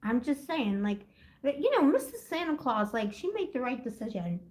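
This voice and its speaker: A woman's voice: high-pitched, very animated, normal speed. Giggly, rambling woman tarot streamer. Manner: rambling and giggly, jumps between topics; heavy use of "like" and "you know". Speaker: tarot reader hosting a live stream. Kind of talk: casual live-stream chat. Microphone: built-in device mic, no separate mic.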